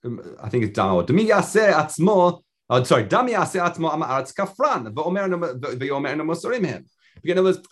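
A man teaching a casual Talmud class, reading the text aloud and explaining it with many restarts. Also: mid-range voice. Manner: thinks aloud with restarts, reads Hebrew and Aramaic text then explains.

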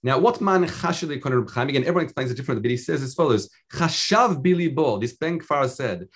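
A man with a husky, slightly rough voice leads a casual Talmud study session. His pitch rises and falls a lot as he reads passages and breaks them down. He thinks aloud and often restarts his sentences. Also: expressive, quick pace. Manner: thinks aloud with restarts, reads Hebrew and Aramaic text then explains. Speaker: Talmud teacher.

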